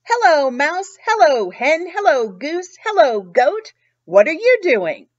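A woman's voice: high-pitched, very animated, slow, no room sound, lo-fi sound, voice pushed up, exaggerated voice. A woman voicing a cheery storybook cow. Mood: cheerful. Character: friendly female farm cow, eager then grumpy. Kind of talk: storybook read-aloud.

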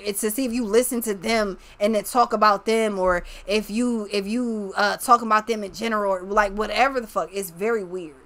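A woman's voice: medium pitch, fairly bright tone. Blunt, drawling woman reading tarot. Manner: blunt, profane, slow and drawling with many restarts. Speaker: tarot reader. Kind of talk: casual tarot reading to viewers.

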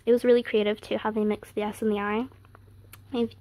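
A woman chatting casually while unboxing a haul, gasping and squealing with fan excitement and sometimes dropping to a whisper. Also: medium pitch, fairly quick, poor audio. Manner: gasps and squeals often, gushing fan excitement; drops to a whisper at times.

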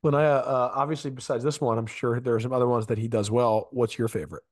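A man's voice: medium pitch, fairly even intonation, quick pace, dry recording, studio quality. A man hosting a podcast, asking easygoing questions. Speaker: podcast host. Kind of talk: casual interview.

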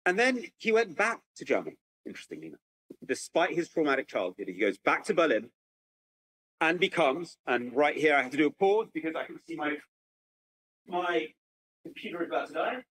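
Animated man giving a lecture. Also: a little high, a little fast, breathy edge, rough recording. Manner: lively, animated storytelling with frequent restarts. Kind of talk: public lecture. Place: at home with a computer, remote talk.

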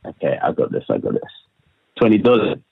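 A man's voice: fairly low pitch, very animated, brisk, creaky, husky, dry recording. Flustered Hertfordshire man on a dull call. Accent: English, Hertfordshire. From England. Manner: nervous, laughing, stumbling. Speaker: caller. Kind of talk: casual phone chat.

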